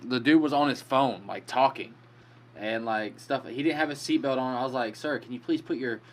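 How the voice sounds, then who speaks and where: A man's voice: mid-range voice, normal speed. A man telling a profane jail story in casual podcast chat. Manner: laid-back, profane storytelling.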